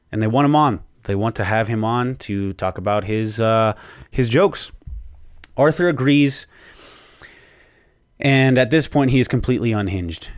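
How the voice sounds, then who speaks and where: Low-voiced man excitedly recapping a movie. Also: clear, resonant tone, no room sound, clean studio sound. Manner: excited storytelling with frequent swearing; rambling, with fillers and restarts. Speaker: podcast host. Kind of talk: casual movie spoiler recap.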